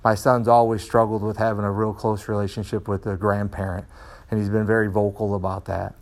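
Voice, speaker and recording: A middle-aged man, a martial arts student, telling candid personal stories in an animated way, with frequent restarts, in a dojo. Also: fairly low pitch, brisk.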